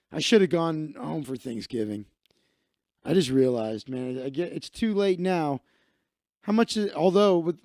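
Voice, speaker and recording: A man's voice: on the high side, mellow, no room sound, studio quality. A man hosting a live stream, rambling and ranting to himself while he browses, swearing freely. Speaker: livestream host.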